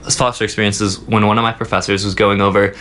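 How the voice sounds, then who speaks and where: A young man, a student guest in a casual interview, telling a story in a halting way with many fillers. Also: fairly low pitch, level tone, fairly bright tone, slight background noise. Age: young adult. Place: office.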